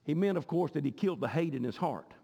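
A man's voice: on the high side, expressive, fast, vocal fry, warm tone, breathy edge. A man pastor, preaching a sermon with passion and often repeating words as he goes. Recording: long hall reverb.

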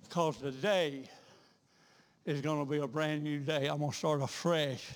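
A preacher with a high voice delivers a revival sermon from the pulpit. He repeats his words in a rhythmic cadence and climbs to loud, fervent peaks. The sanctuary leaves a long, ringing reverb on every line. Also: fairly even intonation, moderate pace. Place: church sanctuary.

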